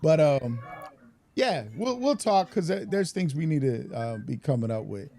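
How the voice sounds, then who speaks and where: A man's voice: a little high, sing-song, moderate pace, mellow. A man co-hosting a casual filmmaker panel chat, joking and laughing often. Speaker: podcast co-host.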